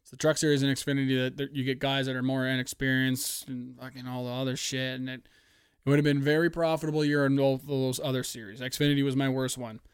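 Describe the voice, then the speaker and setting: A man hosting a podcast, giving a casual, profane, excitable race recap with sudden loud outbursts. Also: medium pitch, clean tone, no echo, studio quality. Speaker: podcast host.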